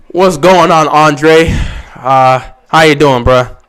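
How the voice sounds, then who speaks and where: A man's voice: a little high, a bit bright, clear, resonant tone. Emphatic, opinionated man hosting a sports livestream. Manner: reads and answers viewer questions. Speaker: livestream host. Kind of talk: casual sports fan livestream chat.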